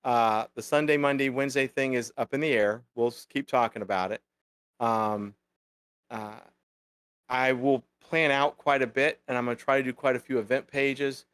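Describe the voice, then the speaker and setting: A man's voice: medium pitch, fairly even intonation, normal speed, a bit bright, smooth, no echo, clean studio sound. Rambling male live stream co-host. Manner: rambling, lots of fillers. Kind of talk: casual live chat.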